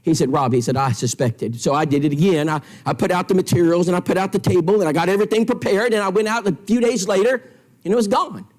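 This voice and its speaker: A man's voice: high voice, steady tone, fast talker, a little mellow. A man teaching an evangelism seminar in a church, telling stories with quoted dialogue in an emphatic way. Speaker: preacher.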